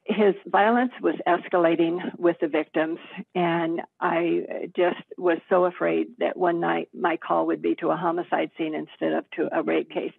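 Gravelly older woman on a phone line. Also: on the low side, normal speed, dry recording. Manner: steady, matter-of-fact recollection. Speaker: retired detective. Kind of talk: recounting case memories in an interview.

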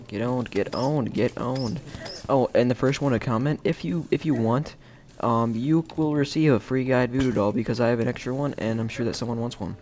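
A man casually narrating his own gameplay as the host of a game video, chatty and playful, with sudden excited shouts. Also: medium pitch, fairly quick, slight background noise.

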